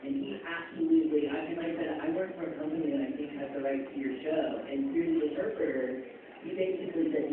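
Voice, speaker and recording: Male panel guest, lively storyteller; captured on a distant phone in a noisy echoing hall. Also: on the high side, fast talker, gravelly. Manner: animated, chatty, laughing, quoting others in voices. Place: large convention panel room. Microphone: phone in the audience. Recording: echoey hall, tinny phone recording from far off.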